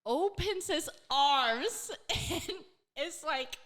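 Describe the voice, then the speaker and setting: A woman's voice: sits high, drawn-out words. A woman co-hosting a casual talk show, telling a story animatedly, full of "like" and swearing, acting out quotes in her own voice. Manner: animated, heavy use of "like", swears freely. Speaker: co-host.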